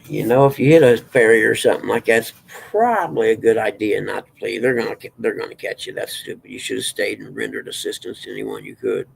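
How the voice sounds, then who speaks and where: Folksy guy on a livestream, super gravelly, kinda low voice, faint hiss behind. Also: fast talker, few pauses, poor audio. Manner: folksy, chatty, answers viewers by name. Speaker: livestream host. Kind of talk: casual livestream chat, reading news aloud.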